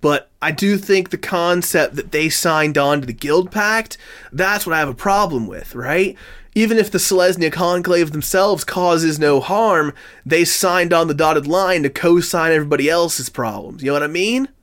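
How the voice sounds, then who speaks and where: A man runs a tabletop role-playing game, narrating and arguing in character. His voice sits a little high, and he talks fast and casually, often restarting a sentence. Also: fairly bright tone. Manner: quick, conversational, with restarts and laughs. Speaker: game master.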